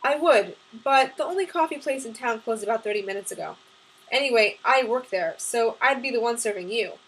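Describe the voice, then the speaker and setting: A woman reading the lines of a cocky young male neighbor who teases coolly, in a husky voice. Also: fairly high pitch, lively intonation, fairly quick, low-quality recording. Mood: friendly. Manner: cool, teasing banter.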